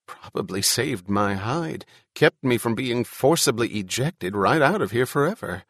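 Casting: anxious bewildered young guy, soft muttering, as the narrator voices him. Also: mid-range voice, expressive, unhurried, no room sound, studio quality. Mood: quiet. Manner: quiet, dazed and worried.

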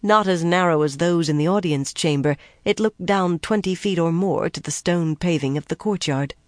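Steady audiobook narrator, dry close sound. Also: medium pitch, normal speed, no echo. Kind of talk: scripted fantasy narration.

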